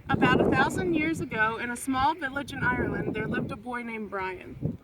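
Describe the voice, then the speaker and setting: Woman teacher, storybook read-aloud for kids, lively and high-pitched; recorded outdoors in heavy wind. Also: moderate pace. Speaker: elementary school teacher. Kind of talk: reading a picture book aloud. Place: windy clifftop outdoors. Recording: loud wind noise outdoors.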